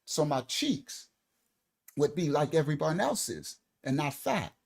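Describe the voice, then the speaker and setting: A middle-aged male minister tells a personal story in a sermon, talking in a casual, animated way and often repeating words. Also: fairly high pitch, slow pace, vocal fry.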